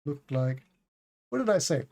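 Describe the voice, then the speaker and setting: A man's voice: fairly high pitch, big pitch swings, measured pace, creaky, warm tone. A man in his forties, an English teacher giving a casual livestream lesson, chatty and rambling, stretching out words to show stress and intonation. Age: 40s.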